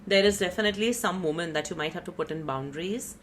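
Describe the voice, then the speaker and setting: Chatty woman, lowish voice. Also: fast talker, a little hiss or hum. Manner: chatty, rambling, self-teasing, frequent "you know" and "like". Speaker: tarot reader. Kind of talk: casual tarot reading monologue.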